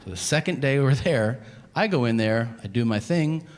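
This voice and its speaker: A man in his thirties doing a stand-up comedy set, telling animated stories and acting out both sides of each conversation. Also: mid-range voice, normal speed. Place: comedy venue stage with audience laughter. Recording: live stage audio with audible background noise.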